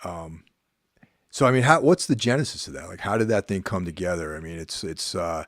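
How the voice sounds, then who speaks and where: A man with a very low voice hosts a podcast interview. He asks his questions in a casual, easygoing way, recorded close and dry. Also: brisk, dry recording. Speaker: podcast host.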